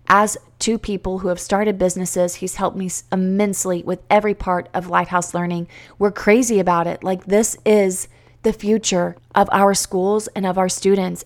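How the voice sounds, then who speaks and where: A woman in her thirties hosting a solo podcast, earnest and encouraging, rolling through long run-on lists with the occasional restart. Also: medium pitch. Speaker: podcast host and homeschool coach. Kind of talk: energetic solo podcast talk with a promo.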